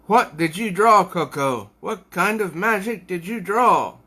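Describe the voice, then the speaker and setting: A man voicing a mysterious male magician who speaks urgently and, at times, gravely and ominously. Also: sits high, lively intonation, unhurried, bright, forceful tone, voice pushed up, exaggerated voice.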